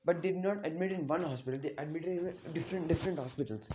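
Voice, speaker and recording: Rambling man telling a story, slightly high voice. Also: fast, a little mellow, dull audio. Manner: rambling, many fillers and restarts. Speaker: fan story narrator. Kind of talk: casual spoken storytelling.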